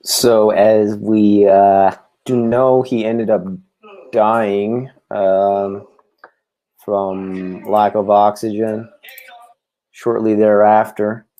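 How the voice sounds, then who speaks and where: A male podcast host delivers news commentary, reading with occasional filler words. His voice is lowish and mellow. He speaks into his own microphone. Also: flat delivery, drawn-out words. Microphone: own desk microphone.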